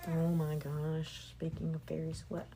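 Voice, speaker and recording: A woman leading a spiritual healing session, moving between hushed whispering and lively chat. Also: low voice, unhurried, a little hiss or hum. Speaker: Reiki healer.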